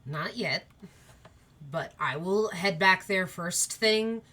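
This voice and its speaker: A woman game master narrates a tabletop game in a bright voice. She voices her characters in a warm, motherly way. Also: lowish voice, slow pace.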